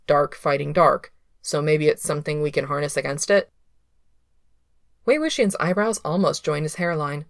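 A woman reading a story aloud in a steady, unhurried way, close to the microphone. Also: low voice, vocal fry, no echo. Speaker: reader of fan fiction. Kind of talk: audiobook narration.

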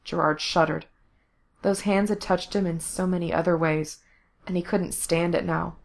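A woman reading a story aloud, her voice set slightly low. She keeps an even, steady storytelling pace. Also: normal speed, vocal fry. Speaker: narrator. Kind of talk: reading fan fiction aloud.

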